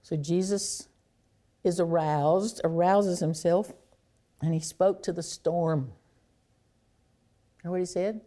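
A woman preaching a sermon, reflective and unhurried, sinking to a near hush on key phrases. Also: fairly low pitch, steady tone.

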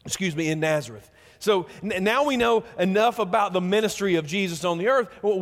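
A man's voice: sits high, in a large hall. A man preaching a sermon in an earnest way, often repeating words as he builds emphasis. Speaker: pastor.

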